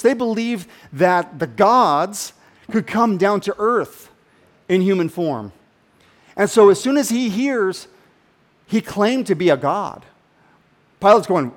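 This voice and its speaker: A male pastor preaching a sermon emphatically, swinging between loud declarations and hushed asides and speaking directly to his listeners. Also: high-pitched.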